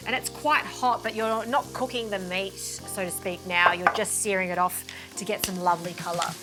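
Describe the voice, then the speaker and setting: A woman hosting a cooking show in a studio kitchen, upbeat and encouraging, quick to praise her guest. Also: medium pitch, fairly even intonation, loud music behind the voice, rough recording. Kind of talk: casual cooking-show chat.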